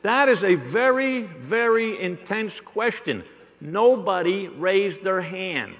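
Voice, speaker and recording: A man's voice: high voice, big pitch swings, slow pace, a bit bright. A middle-aged man giving a joking, rhetorical live sales keynote to an audience in a large hall. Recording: long hall reverb.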